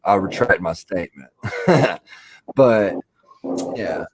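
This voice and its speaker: A man's voice: mid-range voice, animated, moderate pace, a little mellow, rough recording. A stoned man from Alabama, rambling and swearing through a casual podcast chat. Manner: rambling, profane, laid-back storytelling. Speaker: podcast co-host.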